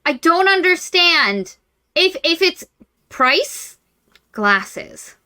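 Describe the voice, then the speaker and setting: A woman's voice: very high voice, big pitch swings, bright, forceful tone. A woman co-hosting a podcast, talking casually and wryly about a novel. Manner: wry, quick, joking. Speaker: podcast co-host. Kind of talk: casual book review chat.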